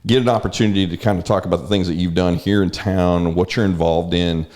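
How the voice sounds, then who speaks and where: Man, low voice, easygoing host who circles around his questions. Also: fairly even intonation, fast, a little mellow. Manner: rambling, with many restarts. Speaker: podcast host. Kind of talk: casual interview.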